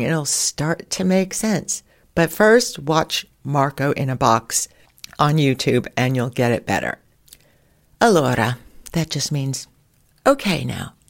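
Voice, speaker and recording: A low-pitched woman hosting a podcast in an easy, chatty storytelling mode. She laughs often while telling her anecdotes. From United States. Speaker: podcast host. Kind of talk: casual storytelling monologue.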